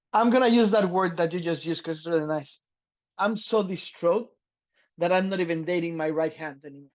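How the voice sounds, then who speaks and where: A man co-hosting a podcast, talking loudly and excitedly in casual chat and laughing often, with a slight lilt. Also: high-pitched, normal speed, pauses often, muffled recording. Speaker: podcast co-host.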